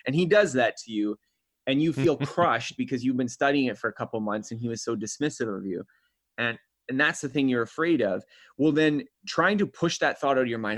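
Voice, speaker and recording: A man being interviewed as an author, explaining his ideas in a thoughtful, measured way. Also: mid-range voice, expressive, fairly bright tone, no room sound. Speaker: author and guest. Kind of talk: interview answers.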